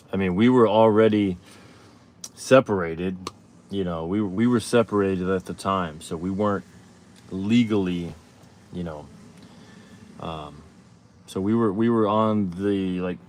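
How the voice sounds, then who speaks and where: A man hosting a live show, telling a personal story in a rambling, halting way full of fillers and restarts. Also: deep voice, a little mellow, a little hiss or hum. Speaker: show host. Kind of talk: casual storytelling on a live stream.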